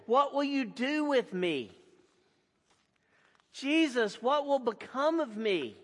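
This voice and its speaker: A man's voice: very high-pitched, lively intonation, slow, voice pushed up, full character voice. A man voicing a frightened possessed man who pleads anxiously. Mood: pleading. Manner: pleading, anguished. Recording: long hall reverb.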